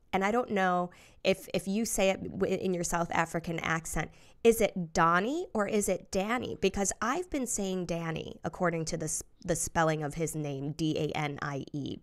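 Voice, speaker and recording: A woman co-hosting a podcast interview, eager and asking clarifying questions. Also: fairly low pitch. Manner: enthusiastic, inquisitive. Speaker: co-host.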